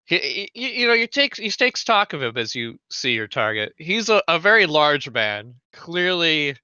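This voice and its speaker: A man running a tabletop game in a bright, smooth voice, rambling through loose, crude narration full of fillers. The sound is dull and lo-fi, like a voice chat mic, and dry with no room echo. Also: on the high side, sing-song, moderate pace. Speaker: game master.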